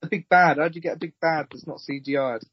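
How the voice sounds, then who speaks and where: A man's voice: fairly high pitch, steady tone, fast talker, slightly rough, no echo. A man on a film podcast panel, chatting casually and throwing in pointed questions. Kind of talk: casual film review chat. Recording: dull, slightly lo-fi dry sound.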